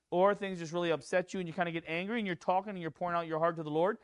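A man preaching a sermon in a conversational way, with fillers like "you know" and "kinda", who rises into animated acted-out quotes. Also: fairly high pitch, no room sound, studio quality. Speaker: pastor.

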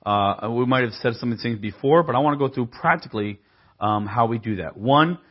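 Husky-voiced male preacher, casual and humorous. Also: mid-range voice, a little fast, dull audio. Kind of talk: sermon.

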